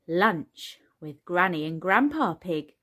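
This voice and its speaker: A woman's voice: on the low side, very animated, slow, fairly bright tone, exaggerated voice. A woman doing Daddy Pig, a jolly storybook father. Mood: playful. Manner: hearty and playful. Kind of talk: storybook character voice.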